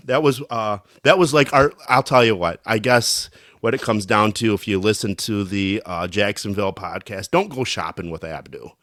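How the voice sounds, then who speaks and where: A man co-hosting a casual podcast, telling joking stories with sudden loud bursts when he quotes himself. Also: on the low side, moderate pace, no room sound, clean studio sound. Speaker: podcast co-host. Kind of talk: casual storytelling chat.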